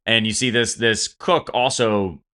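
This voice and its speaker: A man's voice: on the low side, steady tone, unhurried, sharp tone. A man narrating a tabletop game as game master, rambling with many fillers.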